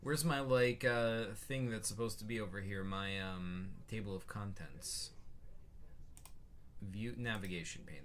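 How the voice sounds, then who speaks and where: Speaking at a normal pace in a lowish, sharp voice, this man walks through his own game live on stream. His talk is rambling and heavy with fillers as he reads his notes and reads chat messages aloud to respond.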